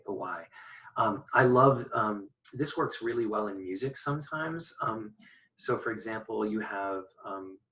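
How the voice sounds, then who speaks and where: A man with a fairly low, bright and forceful voice gives a casual lecture on writing. He talks thoughtfully, with many fillers and restarts. He sits some distance from the mic. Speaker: poetry teacher. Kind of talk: informal lecture.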